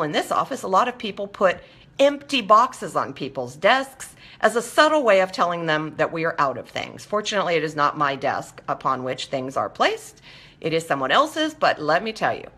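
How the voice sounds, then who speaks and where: A woman hosting a talk show, speaking conversationally and acting out short everyday exchanges while checking in with her listeners. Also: mid-range voice. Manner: animated, acts out little dialogues in quotes. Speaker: host. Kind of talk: talk show monologue on recovery.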